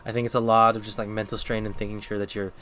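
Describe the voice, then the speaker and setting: Low-voiced guy doing tarot on stream, rambly, lots of ums, bit of hiss behind. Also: little pitch movement, fast, fairly bright tone. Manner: chatty, thinks aloud with many fillers and restarts; talks to chat between readings. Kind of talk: casual live-stream tarot reading.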